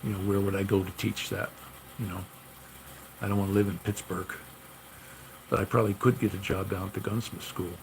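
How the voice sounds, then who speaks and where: A man's voice: low-pitched, little pitch movement, brisk, creaky, long pauses, slight background noise, poor audio. A man casually telling long stories about his gunsmith work, rambling and repeating himself with lots of "you know". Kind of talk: casual storytelling.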